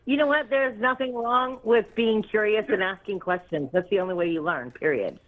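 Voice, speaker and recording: A woman's voice: medium pitch, normal speed. Woman calling in over a tinny phone. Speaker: caller. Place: home. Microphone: phone line.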